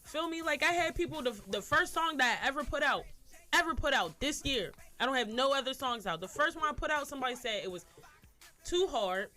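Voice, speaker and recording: A woman artist chats as a guest, her voice high and bright. She talks animatedly and doubles back on her words for emphasis. Faint music plays underneath. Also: brisk. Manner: animated, repeats herself for emphasis. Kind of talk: casual chat.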